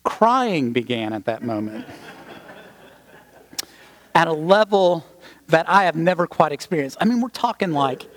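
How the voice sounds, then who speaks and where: A man preaching a sermon, telling a personal story in a conversational, animated way with asides to the congregation. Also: a little high, a little slow, pauses often.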